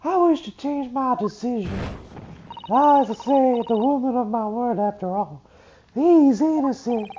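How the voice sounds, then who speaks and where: A flustered, dramatic woman witness speaks in a high, shrill falsetto, as a man puts her on. Her lines are theatrical and overwrought. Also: animated, a little slow, dark tone, slight background noise, poor audio.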